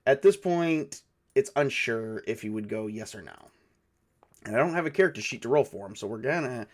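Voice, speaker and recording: A man's voice: medium pitch, expressive, normal speed. A man narrating and playing a solo tabletop game, thinking aloud with many fillers. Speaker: game master and solo player.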